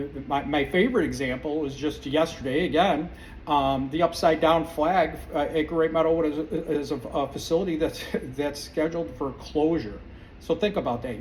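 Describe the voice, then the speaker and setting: A man's voice: fairly high pitch, darkish tone, slight background noise. A man hosting a podcast, delivering a heated, sarcastic opinion monologue full of restarts. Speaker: podcast host. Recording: distant mic with faint room ambience.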